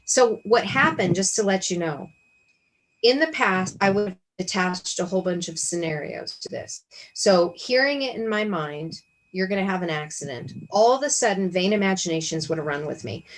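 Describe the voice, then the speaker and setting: In a rough recording, a woman with an expressive, medium-pitched voice speaks at a normal speed. She's hosting a spiritual discussion on a video call, a casual Bible study where she reflects earnestly and often asks herself questions.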